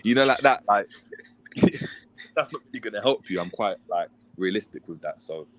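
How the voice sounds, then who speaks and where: A man, chatting casually and telling animated stories about his football past. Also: on the low side, moderate pace, a little hiss or hum. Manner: animated storytelling, mimics a shouting coach. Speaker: former footballer, podcast guest. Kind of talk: casual chat.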